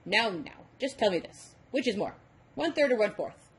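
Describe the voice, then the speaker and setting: A woman's voice: medium pitch, expressive, a little hiss or hum, lightly acted. A woman voicing a bossy, teasing male number devil who quizzes a tired boy in a storybook reading. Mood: quizzing. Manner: brisk, coaxing, quizzing.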